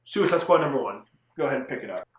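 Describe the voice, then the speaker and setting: A man's voice: medium pitch, expressive, rapid-fire, slight background noise. A young man casually reviewing comic books on his channel, talking loosely with lots of fillers and restarts. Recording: echoey room.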